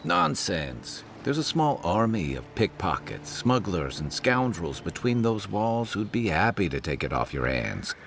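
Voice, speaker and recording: An actor playing a roguish former soldier and sailor companion in a game, with dry joking banter. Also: male voice, big pitch swings, unhurried, creaky, hardly any pauses, a bit bright, slight background noise, exaggerated voice. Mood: wry. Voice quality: very deep, slightly filtered.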